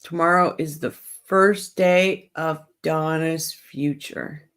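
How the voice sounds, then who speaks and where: A woman's voice: low voice, fairly even intonation, takes it slowly, a bit bright, smooth. Chatty woman hosting a livestream. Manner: rambling and friendly, talks straight to viewers. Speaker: livestream host. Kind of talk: casual livestream chat.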